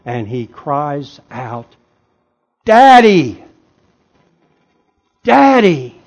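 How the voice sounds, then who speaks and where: A man preaching a sermon with drama, moving from hushed, quiet lines to loud shouting. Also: mid-range voice, dull audio.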